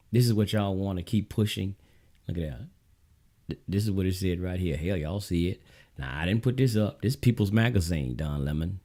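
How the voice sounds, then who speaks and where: A Southern US man delivers a blunt, preachy political monologue, talking straight to his viewers. His voice sits low, with a mellow, dark tone. He repeats his points like a street-corner sermon. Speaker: show host.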